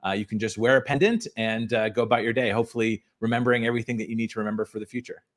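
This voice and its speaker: A man's voice: lowish voice, steady tone. A man interviewed as a company founder over a video call, fluent and explanatory. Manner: fluent, explanatory, fast storytelling.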